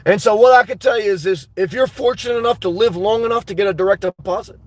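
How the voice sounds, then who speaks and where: A man's voice: sits high, fast talker, no room sound. A man hosting a livestream, talking off the cuff as he reads chat, blunt and crude and full of restarts. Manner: rambling and off-the-cuff, with frequent restarts. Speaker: livestream host reading chat. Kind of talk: casual live-chat talk.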